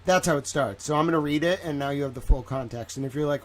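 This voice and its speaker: A man's voice: a little high, fast talker. Rambling streamer man with a Southern drawl. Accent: put-on Southern US drawl. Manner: rambling, heavy use of "like", joking asides. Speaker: live-stream legal commentator. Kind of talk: casual livestream commentary.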